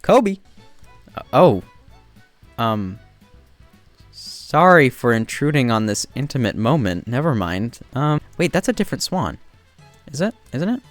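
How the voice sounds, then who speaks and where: A man chats casually over his gameplay, trading self-deprecating jokes and bursts of high excitement. His pitch swings widely as he reacts. The mic is close and dry, with faint music playing underneath. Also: a little slow, pauses often, no echo. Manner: excitable, jumps to high squeals when spotting birds; self-deprecating, joking asides. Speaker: gaming video creator.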